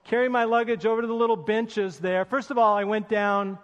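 A high-voiced pastor tells a personal story with self-deprecating humor during his sermon, his words ringing with the long reverb of a large hall. His delivery is flat and brisk, and the recording's high frequencies are cut off.

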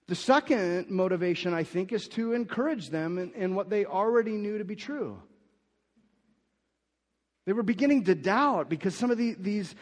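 Pastor, male, fairly high voice, emphatic sermon delivery, lots of restarts, long reverb of a church hall. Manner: emphatic, rises and gets louder when quoting scripture; frequent restarts and repeated words.

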